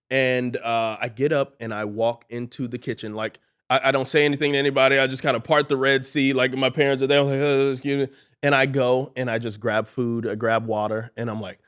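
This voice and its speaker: A man in his thirties, a podcast co-host, telling a story in a casual, animated way with stammered restarts. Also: mid-range voice.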